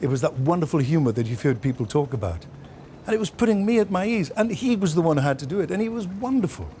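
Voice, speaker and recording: A Welsh-born man speaking as a studio guest in a broadcast interview, telling a story with many pauses and fillers. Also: on the high side, big pitch swings, dark tone, slight background noise. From Wales.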